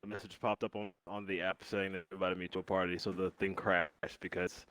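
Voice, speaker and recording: A man's voice: low-pitched, level tone, fairly quick, fairly bright tone, no room sound, low-quality recording. A man on a headset playing a tabletop game, rambling and self-mocking. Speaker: player. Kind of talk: casual game chat.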